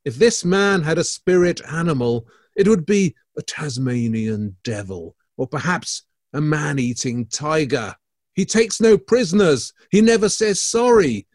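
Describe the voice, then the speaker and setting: A man's voice: on the high side, animated, a little slow, no echo, studio quality. A man co-hosting an art podcast, bantering in a playful, theatrical way with his co-host.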